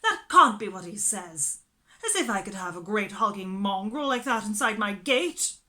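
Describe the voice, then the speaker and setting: A woman voicing a fussy, haughty lady who dotes on her dog, talking in a shrill, tearful wail in a storybook reading. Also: lively intonation, moderate pace, pushed and bright.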